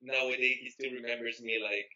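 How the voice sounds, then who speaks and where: Spanish-accented male guest, Spanish native speaker, bright tone, loose rambling delivery with fillers, lo-fi audio. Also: medium pitch, steady tone, a little fast. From Spain. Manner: rambling, many fillers and restarts. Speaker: interview guest. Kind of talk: casual interview chat. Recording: dull lo-fi recording.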